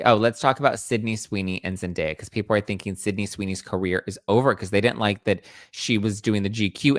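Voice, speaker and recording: A man riffing on celebrity news in a loose, gossipy way, with a snarky edge and a habit of mimicking people he quotes. His voice sits fairly low. The sound is dry and close, with no room around it. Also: gravelly, a bit bright, dry recording. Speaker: entertainment news host. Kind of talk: casual pop-culture commentary.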